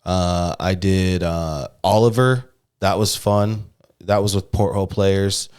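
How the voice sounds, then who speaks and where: A man's voice: sits low, fairly even intonation, takes it slowly, a little mellow, clear, resonant tone. A young man, a stand-up comic, chatting casually on a podcast, rambling and swearing, sometimes putting on voices. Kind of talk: casual chat.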